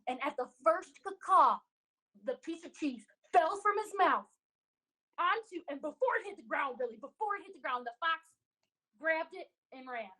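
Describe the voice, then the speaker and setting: A woman improviser retelling a story in an animated, playful way over a video call. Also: high-pitched, moderate pace, poor audio.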